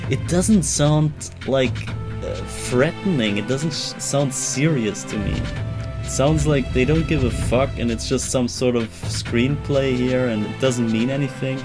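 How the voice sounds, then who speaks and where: A man's voice: medium pitch, unhurried, music in the background. A young man with a German accent, a native German speaker, giving casual, rambling gameplay commentary and swearing freely. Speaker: streamer.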